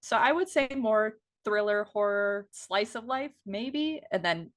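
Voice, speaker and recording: A woman's voice: mid-range voice, lively intonation, a little slow. A woman guest co-hosting a movie podcast, chatting casually, giggly and self-deprecating. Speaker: guest co-host. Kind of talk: casual chat.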